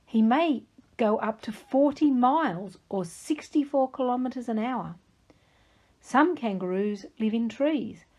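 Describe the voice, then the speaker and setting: Slow, gentle storybook voice of a woman. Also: a little high, lo-fi sound. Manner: slow, clear and expressive, speaking to young children. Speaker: reading teacher. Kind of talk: children's storybook reading.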